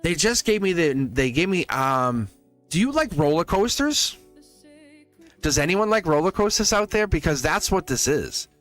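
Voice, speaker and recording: Guy doing a live tarot reading, super animated, chatty with viewers, soft music in the back. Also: a little high, normal speed. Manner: animated and playful, laughs often, talks to viewers. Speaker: tarot reader and live stream host.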